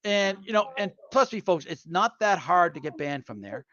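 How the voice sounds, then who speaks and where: A man co-hosting a casual chat, telling animated anecdotes and laughing mid-story. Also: sits high, normal speed, dry recording, dull audio. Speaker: podcast co-host.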